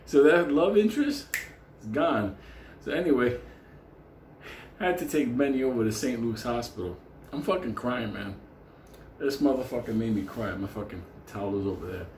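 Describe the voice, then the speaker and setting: A man's voice: medium pitch, darkish tone, reverberant, slight background noise. A man telling a profane, funny story on camera, swearing constantly and laughing through it. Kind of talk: casual profane anecdote. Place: indoor room on camera.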